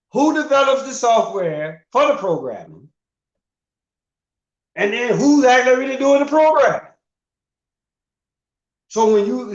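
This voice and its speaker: A middle-aged man in a casual, profane rant as a livestream host, asking rhetorical questions with emphasis. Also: extremely high pitch. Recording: roomy, dull lo-fi sound.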